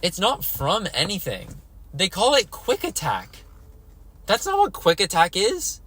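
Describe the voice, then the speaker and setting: A man's voice: high voice, huge pitch swings, measured pace, sharp tone, husky, dry recording. A young man hosting a casual solo podcast, rambling and exasperated, filling his talk with "like". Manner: rambling, exasperated, heavy use of "like". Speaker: podcast host.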